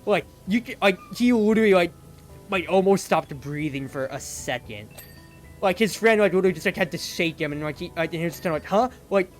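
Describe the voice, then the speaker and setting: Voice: mid-range voice, animated, brisk. Rambling streamer with faint music behind. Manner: rambling storytelling, heavy use of "like". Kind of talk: casual stream chat while playing.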